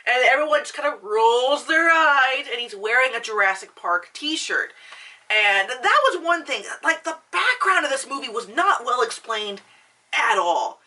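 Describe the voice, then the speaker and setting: A woman's voice: sits high, very animated, measured pace, pushed and bright, far from the mic. A young woman vlogger ranting casually about a film, swearing often, full of fillers and restarts. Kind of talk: casual rant.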